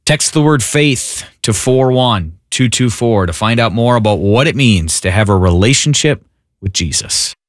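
A man's voice: medium pitch, expressive, normal speed, dry recording. A male radio announcer who introduces the program in a friendly, promotional way.

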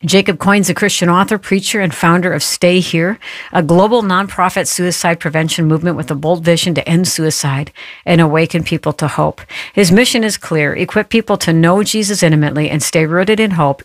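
A woman's voice: fairly low pitch, a little fast, no room sound, clean studio sound. A woman hosting a Christian talk show with fervent, affirming interjections, welcoming a guest and reading announcements.

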